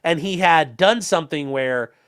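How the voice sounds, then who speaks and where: This man's voice sits on the high side, fairly bright, at a moderate pace. Hosting a casual livestream with a Northern Ohio accent, he reads the chat, jokes loosely, swears freely, and wanders into rambling asides.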